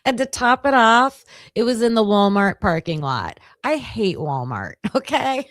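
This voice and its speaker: A woman's voice: fairly high pitch, measured pace, dry recording. Chatty woman hosting a livestream, dry sound. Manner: chatty, animated storyteller. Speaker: livestream host covering a trial. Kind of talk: casual chat to viewers.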